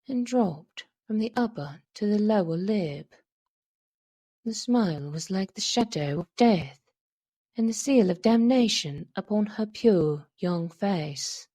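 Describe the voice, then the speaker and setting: A woman reading a classic horror story aloud, with a measured, dramatic delivery. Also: medium pitch, dark tone. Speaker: audiobook reader.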